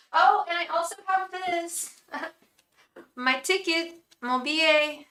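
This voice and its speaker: Her voice is a little high with a sharp tone, and the sound is roomy. She's an Englishwoman running a live tarot stream, gushing to viewers in casual chat, welcoming people by name and often stopping to begin a sentence again.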